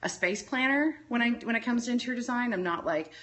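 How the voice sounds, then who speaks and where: Texas lady rambling thru a story on a phone livestream, bright and punchy. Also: a little high, expressive, fast. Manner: rambling, tangent-prone storytelling. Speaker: interview guest. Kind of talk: casual chat.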